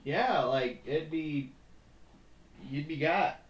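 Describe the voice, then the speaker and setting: A man's voice: fairly high pitch, animated, muffled recording. Joking cohost guy, casual chat, jumps in a lot, echoey room, sitting back from the mic. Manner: joking, quick to laugh and interject. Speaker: podcast co-host. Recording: roomy, mic at a distance, faint hiss.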